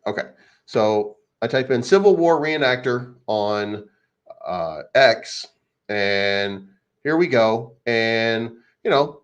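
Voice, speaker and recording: A man's voice: mid-range voice, takes it slowly, clear, resonant tone. A man hosting a crypto channel, ranting casually in a rambling, crude, mocking way. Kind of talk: casual unscripted rant. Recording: dull lo-fi recording.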